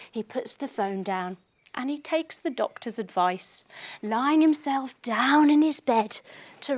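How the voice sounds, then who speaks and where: A young adult woman teaching yoga to children through a story, playful and sing-song, adding silly sound effects. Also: medium pitch. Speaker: kids yoga instructor.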